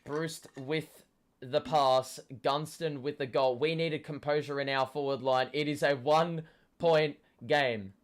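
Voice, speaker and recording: A young man, hoarse from shouting, gives a live fan commentary of a football match, swearing and yelling at the play. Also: a little high, steady tone, a little slow. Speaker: watchalong host.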